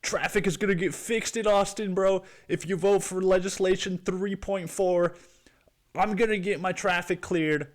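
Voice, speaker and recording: A slangy, overconfident young bro voter, put on by a man in a raised voice. The voice sits above his usual pitch and sounds smug. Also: fairly even intonation, moderate pace, lightly acted.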